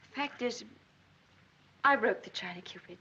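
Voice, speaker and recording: A shy, stammering wife. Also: female voice, on the high side, normal speed, sharp tone, slightly rough, full character voice. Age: young adult. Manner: hesitant, stammering, apologetic. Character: shy, timid young wife. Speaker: young wife. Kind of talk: 1940s film acting. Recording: hissy, dull 1940s film soundtrack.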